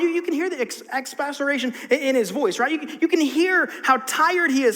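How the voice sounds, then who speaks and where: A man's voice: extremely high pitch, brisk, few pauses, bright, forceful tone, in a large hall. A man preaching a conversational sermon as a pastor, acting out the voices in his story. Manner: conversational, acts out quotes.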